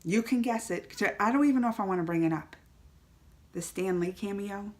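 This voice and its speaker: Chatty woman with a bright voice. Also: medium pitch, brisk. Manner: chatty and emotional, tearing up then laughing. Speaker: movie reviewer. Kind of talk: casual vlog movie review.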